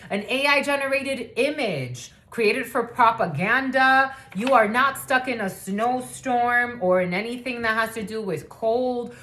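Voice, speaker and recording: A woman's voice: a little high, pushed and bright. A woman in her thirties giving a casual spiritual reading in a blunt, profane way, with laughing asides. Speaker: spiritual reader.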